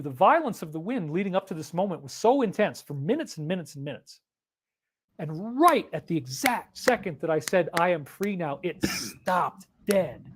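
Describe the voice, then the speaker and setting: A man earnestly telling a dramatic spiritual story about his own experience. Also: high-pitched. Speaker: spiritual speaker. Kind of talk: emotional personal storytelling.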